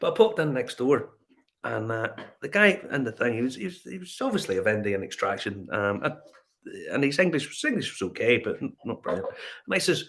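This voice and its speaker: Lively Northern Irish man telling stories. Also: medium pitch, a little fast. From Northern Ireland. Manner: animated storyteller, acts out dialogue. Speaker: whiskey show guest. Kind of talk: casual chat.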